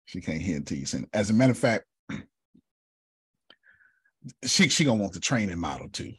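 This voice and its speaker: A man's voice: deep voice, big pitch swings, fairly quick, breathy edge, no echo. A man hosting an online workshop in a casual, joking teaching style, often repeating himself for emphasis, heard over a video call.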